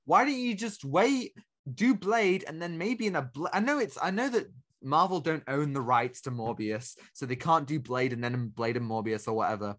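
A man's voice: a little high, animated, moderate pace, a bit bright. A young man co-hosting a film podcast in casual chat, talkative and incredulous, often laughing. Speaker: podcast co-host.

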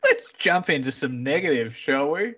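A man with a fairly high, lively voice trades wry jokes in a casual film-review podcast. He acts out scenes in quick little asides between comments. His audio sounds dull and lo-fi. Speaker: podcast co-host.

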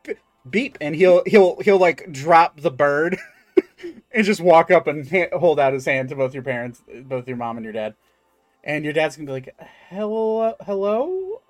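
Halting male game master, slightly high voice. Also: faint music behind. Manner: halting, full of ums and restarts. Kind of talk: narrating a tabletop game.

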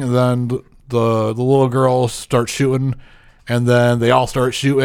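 A man's voice: mid-range voice, a little mellow, smooth. A man in a casual podcast chat about a movie, laid-back, dropping swear words.

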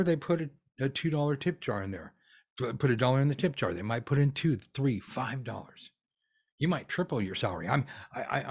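Guy ranting about tarot money, swears a lot, blunt and pushy, middle pitch. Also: vocal fry. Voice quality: blunt, profane, animated. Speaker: tarot teacher. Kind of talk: ranty casual coaching monologue.

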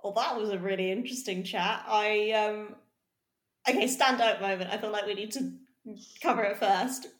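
Animated woman co-host, roomy sound. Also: mid-range voice, moderate pace. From England. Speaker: podcast co-host. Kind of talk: casual chat. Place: London.

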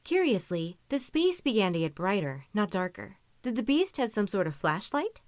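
A woman narrating a story in an even, measured reading voice. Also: mid-range voice, no room sound. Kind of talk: audiobook-style story reading.

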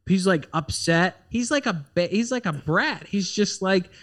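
A man in casual conversation with a slightly higher than usual pitch. He talks in an animated, rambling way, full of fillers, and slips into little acted-out voices as he goes. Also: measured pace. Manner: animated, acts out quoted voices, many fillers. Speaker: podcast co-host. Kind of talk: casual chat.

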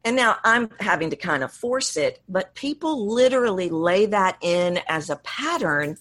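Woman voice coach, super animated, swoops all over when she talks, guest on a show. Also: medium pitch, normal speed. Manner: animated, demonstrates voices mid-sentence. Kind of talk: interview guest explaining.

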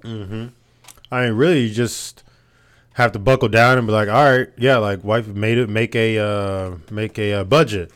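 A man's voice: fairly low pitch, fairly even intonation, moderate pace, a bit bright, clear, resonant tone. A young man co-hosts a podcast and gives loose, rambling advice packed with fillers. He teases his co-host in easy, casual talk. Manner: rambling, filler-heavy, teasing.

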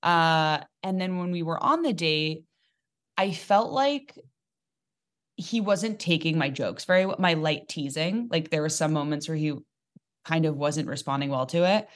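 A young woman comedian chatting casually on a podcast, her voice on the lower side. She tells stories in an animated, joking way, with quick asides and punchlines. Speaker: comedian guest. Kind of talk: casual storytelling chat.

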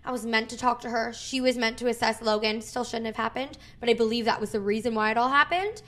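Talking fast, a thirtysomething woman who co-hosts a podcast spins a story in relaxed conversation. Her voice is a little high, she acts out each quoted line with big vocal swings, and she doesn't hold back on cursing.

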